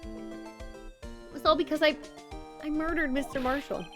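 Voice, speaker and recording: An earnest young woman pleads for her older sister in a raised, fairly high voice, as a streamer reads the part aloud. She sounds anxious and devoted, and her pleas rise in pitch as she begs for help. It is game dialogue read live. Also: steady tone, unhurried, soft background music. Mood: pleading.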